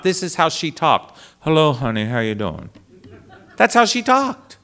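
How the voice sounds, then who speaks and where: A man who is a priest tells stories to an audience in a bright, ringing voice. His delivery is unhurried, and his pitch rises and falls freely. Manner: animated anecdotal storyteller. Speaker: priest, guest speaker. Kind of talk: storytelling talk to an audience.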